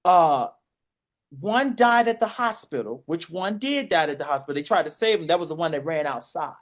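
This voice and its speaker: Animated man. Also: fairly high pitch, normal speed. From Washington, DC. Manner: animated, acts out voices and shouts. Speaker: podcast co-host. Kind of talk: casual storytelling.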